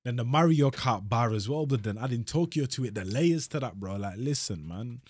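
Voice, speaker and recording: A man hosting a music reaction, talking in slangy, animated bursts of surprise. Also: medium pitch, fairly quick. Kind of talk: excited music reaction commentary.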